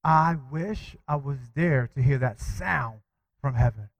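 A man preaching a sermon with animated delivery, calling out to his congregation for responses and quoting scripture. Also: mid-range voice, slow, no room sound, poor audio. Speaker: pastor.

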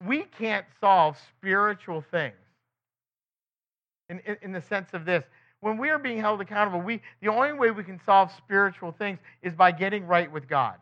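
A man's high, sharp-toned voice carries a conversational sermon in which he teaches the Bible. He repeatedly asks rhetorical questions and briefly performs quotes from other people, captured in dull lo-fi sound.

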